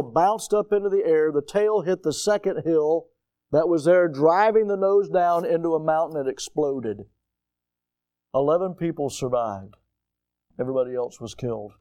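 An older man preaching a sermon as a pastor, dramatic and swinging from quiet, low lines to sudden loud, high cries for emphasis. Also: dry recording. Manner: dramatic, rising to near-shouts for emphasis.

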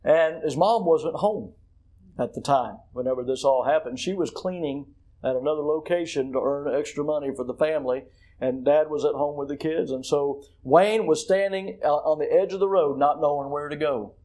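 A man preaching a sermon, telling stories and moving from hushed tones to loud, emphatic questions. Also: on the high side, normal speed, low-quality recording. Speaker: pastor.

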